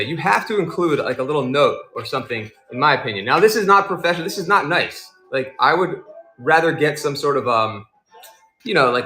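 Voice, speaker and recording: A man's voice: fairly high pitch, pushed and bright, roomy sound. A man hosting a casual livestream, chatting and rambling as he answers viewers in the chat. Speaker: livestream seller host.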